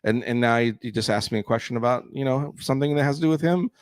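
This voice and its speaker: A man's voice: medium pitch, fast, dry recording. A man from California co-hosting a podcast in casual chat, rambling and self-correcting, with a slight crackle in his voice. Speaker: podcast co-host and artist.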